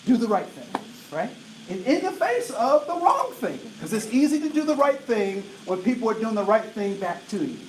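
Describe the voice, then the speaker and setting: A man in his late forties giving an energetic diversity talk to an audience, often asking "right?" to check in with them. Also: sits high, normal speed. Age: 40s. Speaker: diversity trainer. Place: large room with an audience. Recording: roomy echo, voice from a distance, faint noise.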